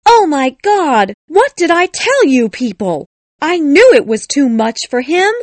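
A man's voice: big pitch swings, measured pace, no echo, full character voice. A man voicing a worried young girl who pleads earnestly in an audiobook. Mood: alarmed. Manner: high, anxious and insistent. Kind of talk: audiobook character voice.

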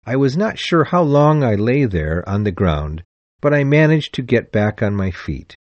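A man reading a novel aloud as an audiobook, in a measured, expressive storytelling manner. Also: medium pitch, no echo, lo-fi sound. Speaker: audiobook narrator. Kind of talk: scripted audiobook narration.

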